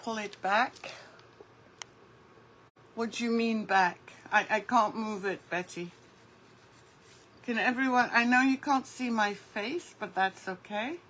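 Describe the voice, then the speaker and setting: A woman's voice: fairly high pitch, takes it slowly, pauses often, fairly bright tone, low-quality recording. A woman hosting a casual craft livestream, chatting and greeting viewers by name as she works. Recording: faint background noise.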